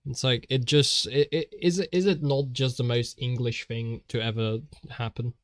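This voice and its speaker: A man's voice: mid-range voice, steady tone, moderate pace, no echo. A man streaming while he draws, rambling in a jokey way and often laughing.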